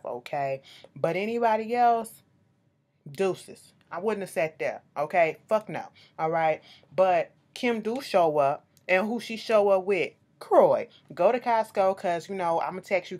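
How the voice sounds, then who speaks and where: Woman, blunt profane reality-show recap, casual commentary, pitch jumps around. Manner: blunt, animated, swears freely, says okay to close points.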